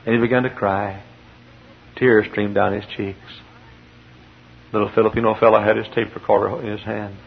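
A man's voice: lowish voice, little pitch movement, moderate pace, creaky, long pauses, slightly rough. A male pastor preaching a sermon in a church, telling a story with emphatic bursts. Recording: dull lo-fi sermon tape with faint hiss.

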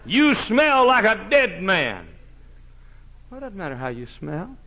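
A man preaching a sermon, folksy and mocking, swinging from shouts to hushed asides. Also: high-pitched, sing-song, unhurried, a little hiss or hum. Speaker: pastor.

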